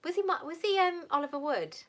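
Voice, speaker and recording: A woman in her thirties from Wales, hosting a casual live Q&A and chatting warmly with viewers, calling them "lover" and "sweetheart". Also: high voice, sing-song, quick pace. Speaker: livestream host answering viewer questions.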